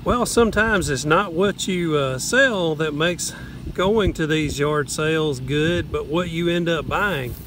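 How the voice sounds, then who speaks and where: This is a man with a Southern US accent, talking to his camera outdoors in an easy, folksy drawl full of "uh" and "man." His voice sits slightly high, and faint traffic hums in the background. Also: measured pace, a bit bright. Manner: folksy, drawling, many fillers. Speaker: vlogger. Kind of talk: casual vlog narration. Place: outdoors by a road. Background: faint traffic and outdoor noise.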